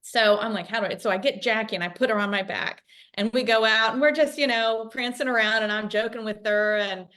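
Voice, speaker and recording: Lively woman telling a story on a call. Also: a little high, fairly quick. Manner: animated, acts out quoted voices. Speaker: co-host. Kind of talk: casual storytelling chat. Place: home, on a video call.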